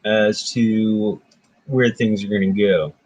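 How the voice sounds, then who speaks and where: A man's voice: fairly low pitch, slow pace. Casual man retelling myths. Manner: animated retelling, voicing characters briefly. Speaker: book discussion host. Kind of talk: casual book discussion retelling.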